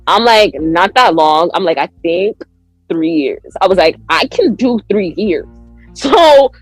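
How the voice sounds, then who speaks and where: A woman's voice: a little slow, breathy edge, no room sound, soft background music, rough recording. A woman guest on a podcast telling a story in casual chat, acting out quoted lines with big jumps in her voice. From United States. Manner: animated, acts out quotes with big pitch jumps.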